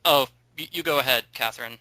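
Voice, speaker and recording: Brief: talkative male host, very bright forceful tone, dry close sound, rambling delivery. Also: medium pitch, quick pace, dry recording, poor audio. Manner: chatty, digressive, thinks aloud with ums. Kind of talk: casual chat.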